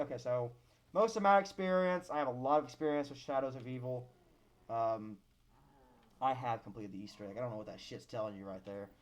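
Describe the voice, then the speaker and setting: Young male streamer, casual swearing gameplay chatter, mid-pitched, keyboard clicks behind. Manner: animated, swears, mock-dramatic complaints. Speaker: gaming streamer. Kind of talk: casual live gameplay commentary.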